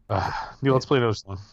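Guy rambling on a podcast, cracks jokes, swears, kinda dull lo-fi sound. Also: mid-range voice. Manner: rambling, jokey, swears casually. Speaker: podcast host. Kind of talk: casual chat.

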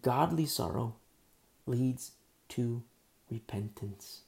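Gravelly, dark-voiced male preacher. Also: mid-range voice, slow pace. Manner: preachy, rising to emphatic rhetorical questions. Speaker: pastor. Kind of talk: sermon.

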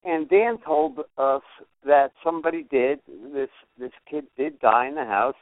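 A man's voice: a little high, measured pace, no room sound. An older man, a guest musician, telling stories in a casual interview and acting out the people in them. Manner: animated storyteller who acts out the people in his tales. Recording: dry, tinny phone-like audio.

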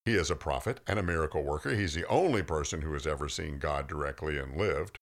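Deep, gravelly-voiced male storyteller. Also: fast talker. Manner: wry, playful, tongue-in-cheek. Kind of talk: humorous scripted narration.

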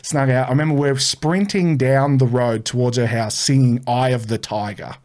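Swearing man telling a story. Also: moderate pace. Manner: animated, swearing storyteller, quotes people in lowered voices. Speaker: comedian guest. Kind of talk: casual storytelling.

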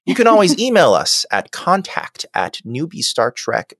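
A man hosting a casual podcast, chatty and quick to laugh, reading out listener mail. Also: fairly high pitch, dry recording, studio quality. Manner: lively, laughs often, reads listener mail aloud. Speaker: podcast host.

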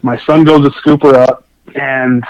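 Excitable man telling a fishing story. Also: mid-range voice, measured pace, no room sound, highs cut off. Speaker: guest angler. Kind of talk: casual storytelling chat.

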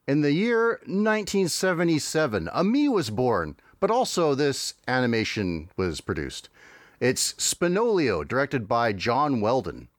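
A man chatting casually on a podcast, recapping cartoon plots with dry asides and frequent laughs. His pitch moves a lot as he talks. The sound is close and dry, with no room echo. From Canada. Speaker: podcast co-host. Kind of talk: casual chat, summarizing cartoons.

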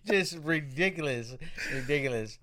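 A man's voice: fairly high pitch, lively intonation, moderate pace, fairly bright tone. A man co-hosting a casual movie podcast, cursing, laughing often and retelling comedy scenes in quoted voices. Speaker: podcast co-host.

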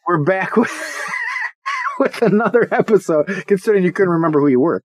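A man with a fairly high, lively voice that swings up and down as he jokes through a casual podcast chat. He laughs often and pokes fun at himself and his partner. The recording is close and dry. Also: a little fast, husky, dry recording. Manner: laughs often, joking and self-mocking. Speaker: podcast co-host.

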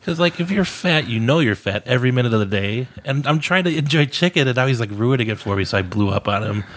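A man's voice: mid-range voice, animated, fast, a bit bright, slight background noise. A man on a podcast mic telling a casual, candid story about himself, often laughing at his own expense. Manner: candid, self-mocking, laughs while telling. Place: room in a house. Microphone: podcast microphone.

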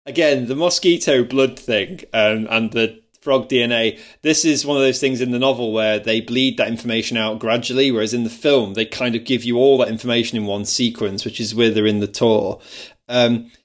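Man co-hosting a casual film podcast, chatty and quick to laugh, middle-pitched voice. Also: fairly even intonation. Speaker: podcast co-host.

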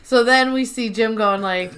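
A woman's voice: on the high side, normal speed, a bit bright. A woman co-hosting a podcast in casual chat, recapping episodes and acting out quoted lines. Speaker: podcast co-host.

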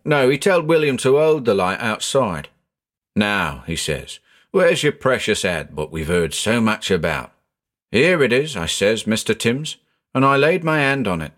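A man's voice: medium pitch, big pitch swings, measured pace, fairly bright tone. A man voicing a chatty working-class male tram conductor who rambles in thick dialect, in a storybook reading. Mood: aggrieved.

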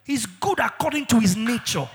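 High, lively-voiced preacher man in a hall. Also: faint music behind. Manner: emphatic preaching with sudden shouts and drawn-out words. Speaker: pastor. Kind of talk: sermon.

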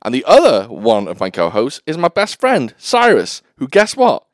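A man's voice: mid-range voice, huge pitch swings, normal speed, no room sound. A man hosting a casual podcast, joking and teasing his co-host in a dry home recording. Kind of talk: casual chat.

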